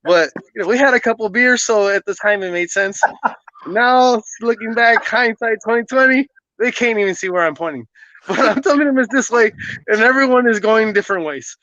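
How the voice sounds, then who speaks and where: A man who is a podcast guest, casually telling a personal story in an animated way, often laughing and acting out what people said. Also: high voice, moderate pace, dry recording, highs cut off.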